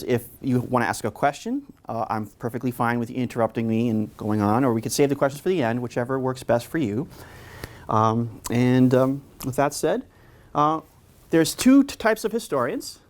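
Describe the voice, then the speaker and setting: A man from New York with a New York accent, giving a history lecture, speaking fast with frequent filler "uh"s. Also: medium pitch, darkish tone. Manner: fast-talking, many filler uhs. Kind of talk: public lecture.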